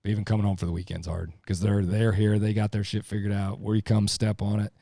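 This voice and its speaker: A man's voice: lowish voice, level tone, fast, creaky, dark tone, no echo, studio quality. A middle-aged man talking casually on a podcast, blunt, profane and emphatic. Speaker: podcast guest, lineman.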